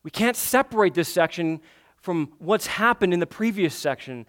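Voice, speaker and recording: High-voiced impassioned male preacher. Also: a bit bright. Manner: impassioned, rising to emphatic peaks; rhetorical questions to the congregation. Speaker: pastor. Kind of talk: sermon.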